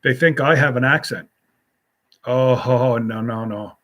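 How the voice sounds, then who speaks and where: A man chatting slowly and loosely through a casual solo live stream, picking up viewer comments one by one and answering them. His manner is folksy and gently teasing, and his pitch sits at an everyday middle.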